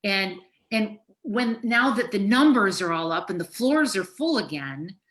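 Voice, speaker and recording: A middle-aged woman therapist speaks in a casual podcast conversation. Her voice sits at a medium pitch, and her delivery is candid and emotional. She swears freely. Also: lively intonation, unhurried, a bit bright.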